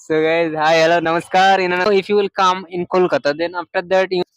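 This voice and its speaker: A man vlogging outdoors on a street, explaining English phrases in a halting way, full of "you know" and "uh". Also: high voice, level tone, fairly bright tone, clear, resonant tone, dry recording, low-quality recording. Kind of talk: casual street vlog teaching English. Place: outdoors on a street near a market.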